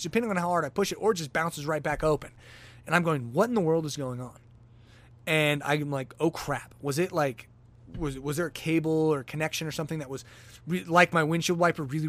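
A man hosting a podcast, telling a long everyday story in a casual, animated way and acting out his own exclamations. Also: fairly high pitch, no room sound. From lives in Denver, Colorado. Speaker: podcast host.

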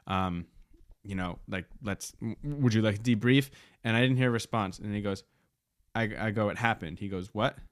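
Dry-sounding man, animated storyteller. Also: moderate pace, dry recording. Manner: animated storyteller, laughs and rises in pitch when excited. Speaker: podcast co-host. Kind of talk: casual chat. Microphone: studio microphone.

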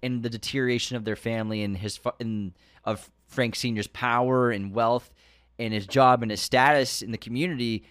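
A man's voice: medium pitch, steady tone, normal speed, a bit bright, clear, resonant tone, no room sound, studio quality. A man casually discussing a film as a podcast co-host, enthusiastic as he lists and praises.

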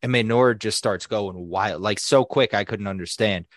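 A young adult man co-hosting a podcast, telling a story in a casual, animated way, swearing freely and acting out what other people said. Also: on the low side, normal speed, no echo, clean studio sound. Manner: animated, profane, acts out quoted people. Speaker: podcast co-host.

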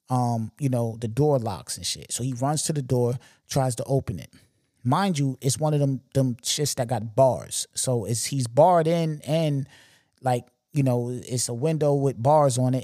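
A man's voice: medium pitch, measured pace, dry recording. A young man talks through a story on his podcast in a loose, emphatic and slangy way, often turning to the listener with asides. His voice sits in an ordinary middle range. The recording is dry, with no room sound. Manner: animated, slangy, emphatic retelling with repeated asides. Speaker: podcast host. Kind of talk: casual storytelling monologue.

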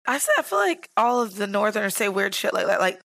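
Animated Central Florida woman, laughing storyteller. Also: medium pitch, fast, creaky, no echo. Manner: animated storyteller, laughs often, swears freely. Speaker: podcast co-host. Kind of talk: casual chat.

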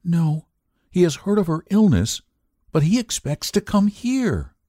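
A man putting on a soft, hesitant young wife. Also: sits high, sing-song, unhurried, no echo, clean studio sound, voice pushed up, full character voice. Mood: worried, apologetic. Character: anxious genteel young wife, soft-spoken.

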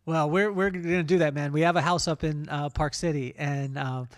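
Higher-voiced man hosting a podcast. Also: steady tone, normal speed. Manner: self-deprecating, rambling with restarts. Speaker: podcast host. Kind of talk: casual storytelling interview.

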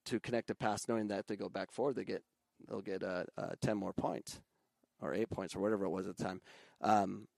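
A man with a fairly low, gravelly voice talks about youth soccer in a loose, conversational way. He often jumps up in pitch to mimic other coaches and shouting parents. The sound is close and dry, with no room around it. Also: steady tone, brisk, no echo. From Arizona. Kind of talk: casual podcast conversation.

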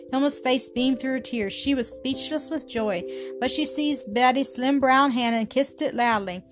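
A woman's voice: sits high, normal speed. Woman reading a story over music. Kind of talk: scripted narration. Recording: music playing behind the voice.

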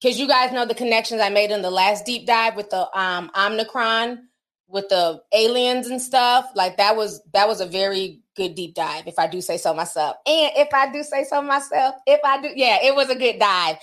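A woman's voice: a little high, normal speed, a bit bright. Chatty, laughing woman livestreamer. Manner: chatty and candid, laughs often, slangy asides. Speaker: livestream host reading super chats. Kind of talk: casual livestream chat.

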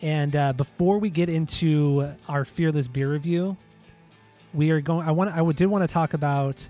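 Mellow-voiced podcast host, rambling. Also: male voice, on the high side, fairly even intonation, moderate pace, soft background music. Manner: rambling, self-mocking, swears. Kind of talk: casual podcast chat.

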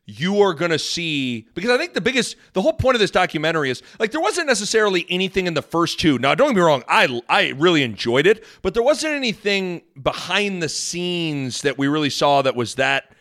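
A man with a high, bright voice co-hosts a casual sports podcast. He bounces all over his range, bantering and joking with animated energy. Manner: animated, jokey, quick to banter. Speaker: podcast co-host.

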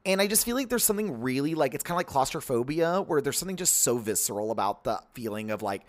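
A young man co-hosting a casual podcast, his pitch swinging up and down as he talks. He rambles through his thoughts in an animated way, full of filler words, at a middling pitch. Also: quick pace. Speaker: podcast co-host. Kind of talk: casual podcast chat about films.

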